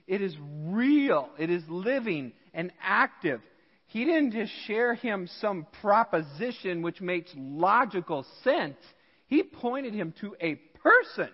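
An American man preaching a sermon as pastor, animated and acting out characters in dialogue. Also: high-pitched, measured pace, slightly rough, big-room sound, highs cut off. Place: church.

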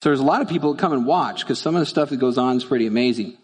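A man's voice: mid-range voice, very fast, slightly rough. Preaching man in a reverberant church. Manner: storytelling, rising to fervent rhetorical questions. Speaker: pastor. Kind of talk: sermon. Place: church sanctuary.

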